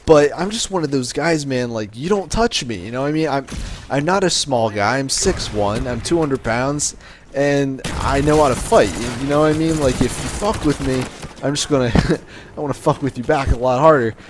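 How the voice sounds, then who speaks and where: Young male vlogger, cocky and profane storyteller, mid pitch, faint hiss behind. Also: normal speed. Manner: swaggering, profane, with filler words and restarts. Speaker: vlogger telling a life story. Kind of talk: casual storytelling to camera.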